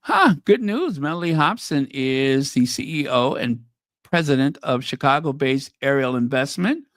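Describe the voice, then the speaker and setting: A man's voice: mid-range voice, clean tone, no echo, clean studio sound. A man hosting a commentary channel, reading news headlines aloud and reacting to them with casual, opinionated asides.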